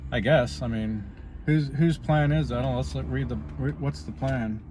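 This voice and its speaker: A man's voice: medium pitch, unhurried. Rambling man with faint background hiss. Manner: rambling, lots of "you know" fillers. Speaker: vlogger. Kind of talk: rambling personal commentary.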